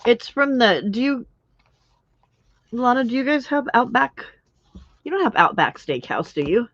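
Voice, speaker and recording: A woman's voice: a little high, very animated, a little slow, a bit bright, no room sound. A woman hosting a late-night crafting livestream, chatting with viewers and giggling often. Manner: chatty and giggly, answering comments while crafting. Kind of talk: casual chat with live chat viewers. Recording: dull, muffled lo-fi stream audio.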